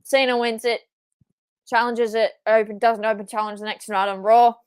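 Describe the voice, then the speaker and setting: Excitable Australian woman calling wrestling live. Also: fairly high pitch, normal speed, clean tone, no echo. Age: young adult. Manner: excitable, swearing, shouting at big moves. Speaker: watchalong streamer. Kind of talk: live wrestling watchalong commentary.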